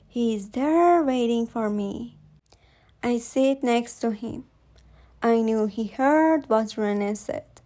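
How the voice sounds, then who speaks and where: A woman reading a first-person horror story aloud in a calm, measured way. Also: a little high.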